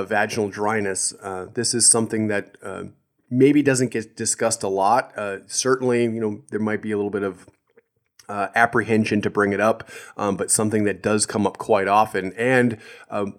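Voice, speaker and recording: A man's voice: fairly low pitch, vocal fry. A man co-hosting a health podcast with a head cold that makes him sound nasal, talking casually with many hesitations. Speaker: podcast co-host, doctor.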